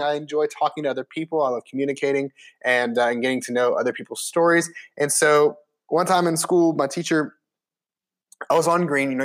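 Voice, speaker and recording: Twenties male, casual storytelling, slightly high voice, chatty and animated with lots of fillers. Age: 20s.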